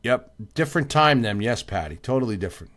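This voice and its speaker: A man's voice: mid-range voice, animated, quick pace, fairly bright tone. Male livestream host, worn out, keeps repeating his points, reads out viewer names, mid-range voice. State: tired, yawning. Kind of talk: casual livestream chat reading viewer comments.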